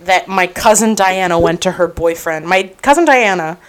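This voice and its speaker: A woman co-hosting a podcast in easy, casual conversation. She tells her stories in an animated way, her sentences threaded with "like" and "um." Laughter keeps slipping into her telling. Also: fairly low pitch, moderate pace, clear, resonant tone, rough recording. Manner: animated storyteller, frequent "like" and "um"; laughs through her anecdotes. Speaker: podcast co-host. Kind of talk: casual chat.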